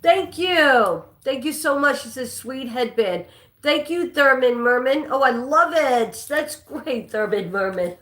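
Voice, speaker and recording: A woman's voice: sits high, lively intonation, unhurried, a bit bright. A woman hosting a live-stream trivia game, chatting with viewers and reading questions aloud, sometimes stumbling and restarting a line. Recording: echoey room.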